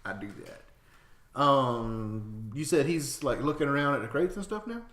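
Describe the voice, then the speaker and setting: A man's voice: mid-range voice, animated, a little slow, a bit bright. A man playing a tabletop game, describing his character in a playful, laid-back way. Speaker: player. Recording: echoey room.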